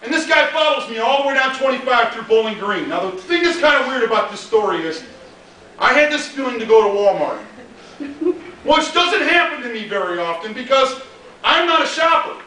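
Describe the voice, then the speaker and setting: A man's voice: extremely high pitch, big pitch swings, brisk, pushed and bright, distant mic, a little hiss or hum. A Midwestern American man, a pastor, telling a funny story in a sermon with lots of laughter. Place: church hall in a mall. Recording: very echoey hall from afar.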